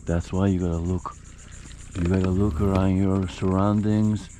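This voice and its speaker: A man's voice: low voice, little pitch movement, normal speed, warm tone, slight background noise. A middle-aged man vlogging from a kayak on a lagoon, talking straight to his viewers in a chatty, frustrated way. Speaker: fishing vlogger. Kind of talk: casual vlog commentary. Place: outdoors on a kayak on a shallow lagoon.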